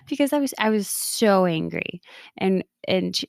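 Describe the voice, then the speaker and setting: A woman's voice: medium pitch, expressive, normal speed, a little mellow, smooth, dry recording, clean studio sound. A woman in her thirties, a podcast host and coach, talking casually and often laughing at herself. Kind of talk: casual personal talk.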